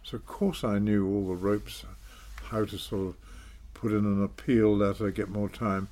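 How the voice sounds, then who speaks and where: An older man, telling his story in a measured, self-deprecating way in an interview. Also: lowish voice, level tone, mellow. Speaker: interview guest, former politician. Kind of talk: reflective storytelling.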